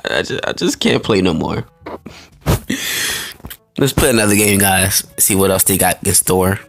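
A man's voice: sits low, measured pace, creaky, faint music behind. A man hosting a gaming channel, giving casual, chatty commentary while he plays and often laughing and talking to his viewers.

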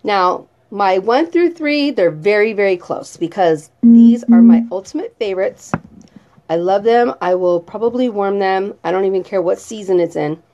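A woman's voice: medium pitch, normal speed, mellow. A woman vlogger chatting casually about her favorite products and reading their descriptions aloud. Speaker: vlogger reviewing home fragrance products. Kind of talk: casual chat.

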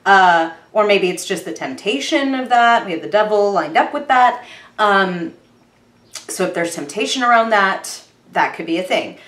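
A young woman chatting casually and excitedly through a tarot reading, full of fillers and quick apologies. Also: mid-range voice, echoey room. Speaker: tarot reader.

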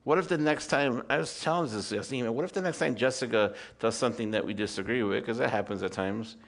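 A man in his fifties preaching a sermon to a church congregation, swinging between loud emphatic peaks and quiet asides, with rhetorical questions and calls for amen. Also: medium pitch, fast talker, vocal fry. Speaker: pastor.

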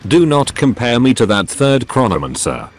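A man's voice: medium pitch, very animated, faint music behind. Male text-to-speech voice as a cold robot sorcerer. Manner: formal, measured, menacing. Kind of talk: synthetic storybook narration.

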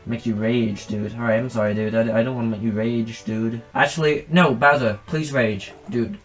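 A man's voice: medium pitch, fairly even intonation, moderate pace, hardly any pauses, faint music behind. A man casually commenting on a game he is streaming, joking around and calling everyone dude. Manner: joking, keeps saying dude.

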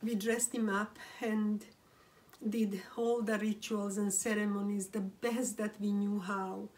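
A grieving woman telling a personal story at home, in a halting voice near tears with whispered phrases and many restarts. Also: mid-range voice, flat delivery, darkish tone, recorded from a distance, poor audio. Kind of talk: emotional first-person storytelling. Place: room at home, seated.

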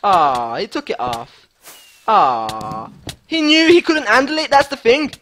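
A man giving excitable live gameplay commentary as a gaming YouTuber, hyped and repeating himself. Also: sits high, slow pace.

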